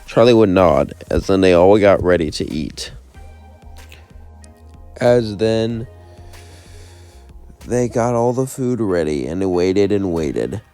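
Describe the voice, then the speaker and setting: A man's voice: sits low, expressive, slow, long pauses, mellow, smooth, soft background music. A man casually narrating a fan story, rambling and chaining events with "as then", with light voices for the quotes. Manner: rambling, strings clauses with "as then", lightly voices each character.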